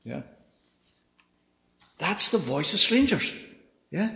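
With a slightly high, expressive voice at normal speed, a man delivers an emphatic sermon, often pausing to ask his listeners "Yeah?". The sound is dull and carries the echo of a large hall.

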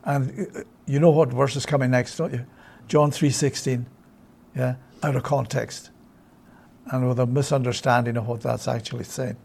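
A man preaching a sermon, emphatic and full of rhetorical questions, often checking in with his listeners with a quick "yeah?". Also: mid-range voice, fairly even intonation, vocal fry, darkish tone.

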